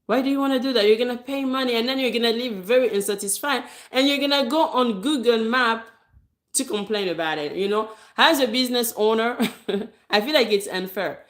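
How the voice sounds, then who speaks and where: A woman's voice: on the high side, fairly quick. A woman who runs a business, talking straight to viewers in a casual advice monologue. She is direct and emphatic, repeats her key points, and laughs lightly between them. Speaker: business owner giving advice; hair braider.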